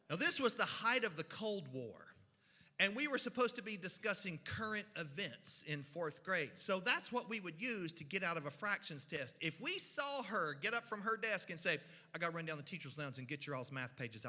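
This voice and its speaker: A man's voice: sits high, big-room sound. Folksy man telling stories. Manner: folksy, animated, with drawn-out pauses. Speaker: storyteller. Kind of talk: humorous storytelling at a church event. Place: church hall.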